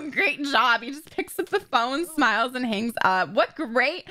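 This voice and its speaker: A young adult woman hosts a gaming video, giving dramatic let's-play commentary over a life-sim game. Her high voice is animated, bright, and forceful though she takes it slowly, and she swears freely, gasping and laughing.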